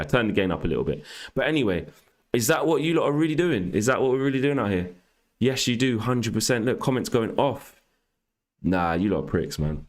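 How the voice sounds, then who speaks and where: A young man hosts a casual livestream and banters with his viewers. His voice sits low and deep. He jumps between muttering asides and loud, exasperated protest. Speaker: livestream host.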